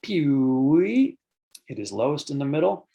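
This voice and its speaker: A man's voice: on the high side, big pitch swings, measured pace, creaky, mellow. Man giving an online birding lecture. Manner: explanatory, answers audience questions between points, frequent "uh" fillers. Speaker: birding author and presenter.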